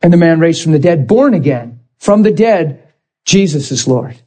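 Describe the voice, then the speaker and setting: A man's voice: fairly high pitch, animated, moderate pace, dark tone. A man preaching a sermon, impassioned and rising to emphatic bursts.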